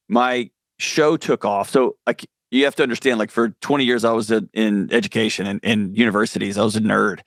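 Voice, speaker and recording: A man appears as a guest mental health expert in a conversational interview, sharing stories earnestly and candidly. His voice is mid-range, with no room sound.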